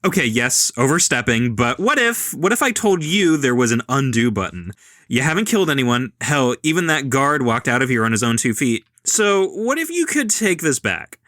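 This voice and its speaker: Man doing a smooth rich young man, persuasive, bright voice, lively pitch. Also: moderate pace, dry recording, clean studio sound.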